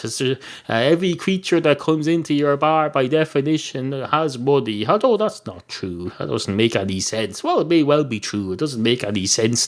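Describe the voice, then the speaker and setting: An Irish man rambles through a comic podcast monologue in a deadpan, digressive way. His voice sits at an ordinary middle pitch, and he keeps stopping to restart his thoughts with hesitant fillers. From Ireland. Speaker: podcast host.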